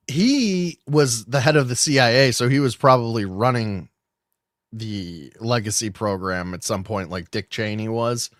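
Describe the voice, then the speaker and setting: A man's voice: mid-range voice, fairly bright tone, dry recording, clean studio sound. A man hosting a casual podcast, musing aloud about news in a conversational, trailing way. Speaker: podcast host.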